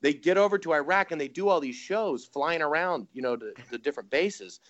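A man's voice: a little high, brisk, fairly bright tone, highs cut off. A man, a comedian guest, telling a story in casual chat and acting out voices and sound effects.

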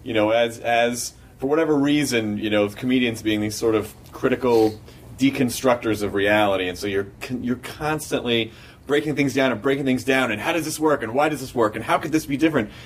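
A man's voice: mid-range voice, brisk, slight background noise. A man hosting a casual interview, thinking aloud in searching phrases. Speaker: podcast host. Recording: slightly distant mic.

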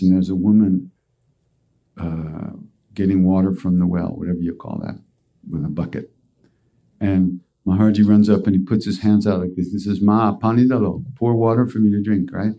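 Male podcast host, low warm voice, casual rambling storyteller. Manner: casual, rambling, with fillers and restarts. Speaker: podcast host and spiritual teacher. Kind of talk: storytelling talk.

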